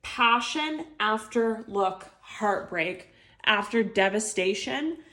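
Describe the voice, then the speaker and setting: A woman's voice: medium pitch, expressive, slow, bright, forceful tone. A woman doing an intuitive tarot reading, speaking earnestly and heartfeltly straight to the viewer, with lots of filler words. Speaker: tarot reader.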